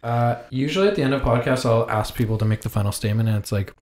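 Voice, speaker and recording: A man hosting a podcast, asking questions in a relaxed, casual way. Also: mid-range voice, quick pace. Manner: relaxed, short affirmations. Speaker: podcast host. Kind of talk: casual interview.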